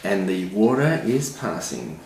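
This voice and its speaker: A man's voice: sits low, very animated, a little slow, gravelly, a little mellow, slight background noise. An Australian man hosting a casual vlog and podcast, talking in a laid-back, rambling way with lots of fillers, in a room. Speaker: vlogger and podcast host. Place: indoor room. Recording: roomy echo.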